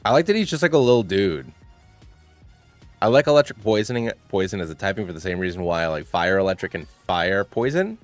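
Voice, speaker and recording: A young man with a lowish voice talks casually as a channel host. He thinks aloud and rambles playfully, with plenty of fillers. The recording is dry and close, with faint music underneath. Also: expressive, brisk, dry recording. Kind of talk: casual gaming commentary.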